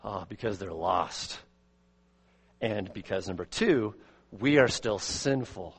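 A man preaching an expository sermon as pastor, earnest, repeating words and swinging from loud emphasis to quiet asides. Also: on the low side, lively intonation, takes it slowly, creaky, breathy edge, long reverb tail. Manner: earnest, repeats words, rises and drops sharply in volume.

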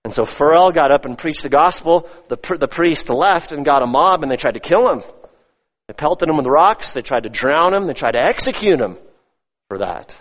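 A man's voice: a little high, lively intonation, moderate pace, fairly bright tone. Emphatic male preacher in reverberant hall. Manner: emphatic preaching that swells and drops. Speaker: pastor. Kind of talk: sermon. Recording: long reverb of a large hall.

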